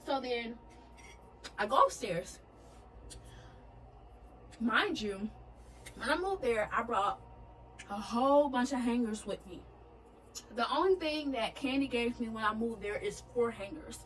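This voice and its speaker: A woman's voice: fairly high pitch, animated, measured pace, pauses often, a bit bright, poor audio. A young woman vlogger telling a storytime, chatty and checking in with her viewers. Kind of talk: storytime vlog.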